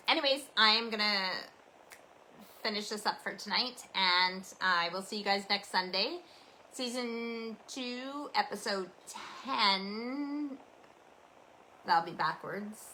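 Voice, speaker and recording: A woman's voice: lowish voice, bright, forceful tone, a little hiss or hum, poor audio. A Canadian woman hosting a casual rambling chat, talking in a meandering, chatty, self-deprecating way. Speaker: host.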